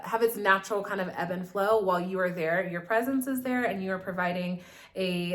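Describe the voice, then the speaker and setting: Woman calmly explaining parenting tips. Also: fairly low pitch. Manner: conversational, explains with many fillers and restarts. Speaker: parenting educator. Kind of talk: casual instructional talk to camera.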